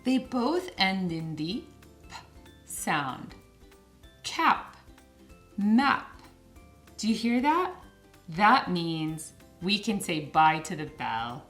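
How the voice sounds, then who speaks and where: Slow sing-song woman teaching kids. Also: faint music behind. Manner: sing-song, stretches words slowly with lively pitch. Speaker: children's phonics teacher. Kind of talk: slow, clear lesson for young children.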